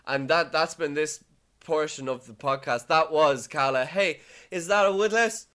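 A podcast co-host in casual, joking chat, swearing freely and drawing out deadpan punchlines. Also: medium pitch, normal speed, faint music behind.

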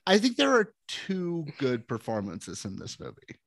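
A man's voice: medium pitch, huge pitch swings, measured pace, a bit bright, dry recording. Dry-voiced opinionated podcast co-host man. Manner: opinionated, wry, swears casually. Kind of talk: casual film podcast chat.

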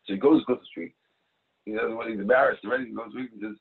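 A man's voice: mid-range voice, steady tone, fast, breathy edge. A man teaching a Talmud class. He reads each phrase of the text, translates it, and tells stories to explain it. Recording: tinny phone-like line.

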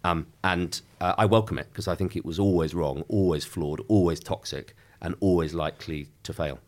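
A middle-aged man, a member of Parliament, giving a measured, emphatic political interview with frequent restarts. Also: sits low, darkish tone.

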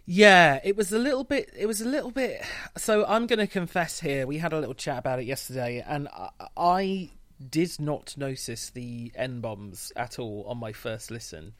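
A man co-hosting a podcast, talking casually in a measured, slightly hesitant way. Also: a little high, a bit bright, dry recording. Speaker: podcast co-host.

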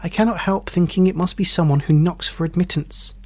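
A man's voice: sits high, fairly quick, a little mellow. A man voicing a romantic, self-admiring young woman in a storybook reading, speaking in an earnest, exclamatory way.

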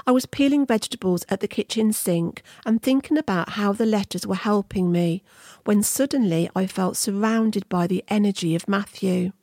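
A middle-aged woman, host of a podcast, narrating her own story in a measured, earnest scripted way. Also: medium pitch, mellow, dry recording, studio quality.

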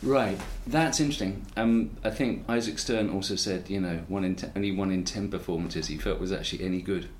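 A man's voice: deep voice, brisk, hardly any pauses. A man, interviewing a guest in an enthusiastic, chatty way that wanders into anecdotes. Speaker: interviewer, podcast host. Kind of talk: conversational interview. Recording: roomy echo with faint noise.

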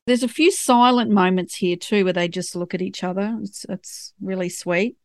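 A woman's voice: mid-range voice, fairly even intonation, moderate pace, few pauses, no room sound, studio quality. A woman co-hosting a casual chat, animatedly retelling scenes from a TV series with laughs. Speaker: podcast co-host.

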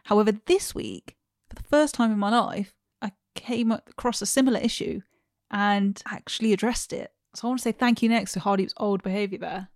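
A woman's voice: mid-range voice, a little fast, no echo, clean studio sound. A young woman co-hosting a podcast, casual and teasing with a wry humour. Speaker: podcast co-host. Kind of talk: casual chat.

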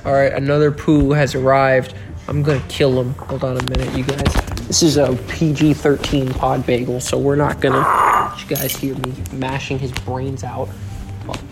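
A man hosting a casual solo podcast, joking around, swearing a lot and breaking into sudden yells. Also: mid-range voice, little pitch movement, normal speed, over music. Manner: profane, joking, with sudden yelling outbursts. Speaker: podcast host.

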